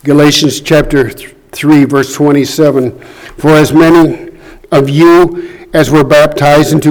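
Male preacher, fairly high voice, unhurried delivery, scripture reading in a church room. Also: flat delivery, a little mellow, low-quality recording. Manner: slow, deliberate, reading scripture aloud. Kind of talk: sermon.

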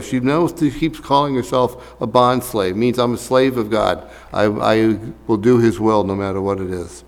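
A man's voice: lowish voice, steady tone, moderate pace, gravelly, few pauses, long reverb tail. A man preaching a sermon as a pastor, talking casually with fillers and reading scripture aloud.

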